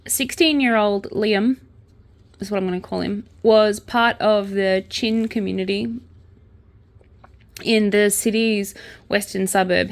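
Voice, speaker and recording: A young Australian woman hosting a casual chat, reading news aloud and reacting with open sorrow. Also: mid-range voice. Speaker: podcast host. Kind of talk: casual true-crime commentary while crocheting.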